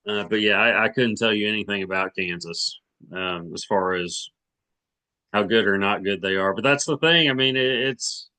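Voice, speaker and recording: A man's voice: on the low side, normal speed, sharp tone. A man of around forty from Arkansas, co-hosting a sports podcast in casual chat, rambling with many restarts and hedges.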